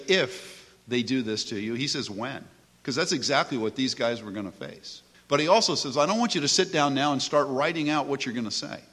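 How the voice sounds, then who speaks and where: A man's voice: mid-range voice, fairly bright tone. A man preaching a sermon, earnest and emphatic, reading scripture aloud. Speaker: pastor. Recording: long hall reverb.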